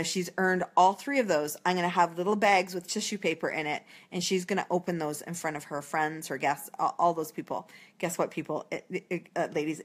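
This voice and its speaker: A woman's voice: fairly low pitch, husky. A woman coaching direct sellers in a casual, upbeat livestream talk, breaking into bubbly acted calls to a hostess. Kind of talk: casual coaching talk on a live video stream.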